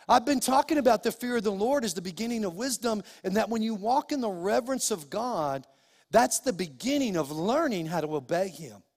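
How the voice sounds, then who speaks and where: A middle-aged man preaching a sermon as pastor, emphatic and repetitive with folksy asides. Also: high-pitched. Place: church sanctuary. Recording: long church hall reverb.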